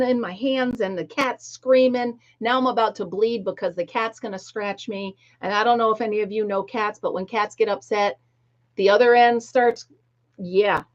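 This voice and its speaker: A middle-aged woman chatting casually to viewers on a livestream, telling stories and laughing often. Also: a little high. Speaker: livestream host. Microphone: laptop mic. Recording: dull lo-fi laptop audio.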